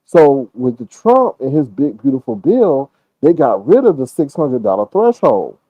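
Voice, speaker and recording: A man's voice: medium pitch, big pitch swings, measured pace, dark tone, no echo, muffled recording. A man giving rambling, profane casual commentary on a livestream and answering chat.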